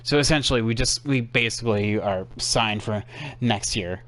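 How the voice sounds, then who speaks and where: A man's voice: lowish voice, moderate pace, a bit bright. A young man casually commentating his racing game stream for his chat, sarcastic and easily exasperated, rambling with fillers.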